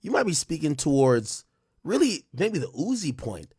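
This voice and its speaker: Male stream host: husky, dry close sound, loose and profane, loud excited bursts. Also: fairly high pitch, moderate pace, no echo. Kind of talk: casual live-stream chat reading donations.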